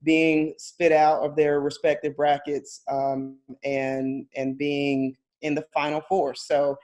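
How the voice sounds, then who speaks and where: A woman co-hosts a casual sports podcast, speaking slowly in a low, slightly mellow voice with little pitch movement. She talks in long, rambling turns, hedging often and laughing between thoughts.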